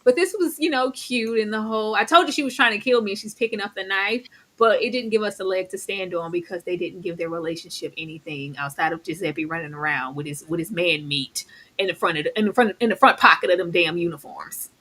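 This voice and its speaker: A woman's voice: on the low side, quick pace. Chatty woman hosting a TV recap. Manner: lively, often laughing and acting out characters' lines. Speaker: host reviewing a TV series. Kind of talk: casual live-stream recap chat.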